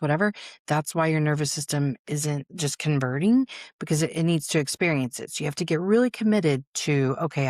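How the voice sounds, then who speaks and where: A woman's voice: deep voice, no echo. Candid woman podcast host, dry sound. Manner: candid, conversational, swears casually. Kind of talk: solo podcast talk.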